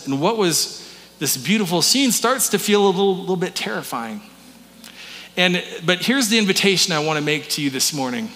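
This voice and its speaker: Male pastor, higher bright voice, chatty sermon full of questions to the room, long hall reverb. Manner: conversational, restarts words, asks the congregation questions. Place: church sanctuary.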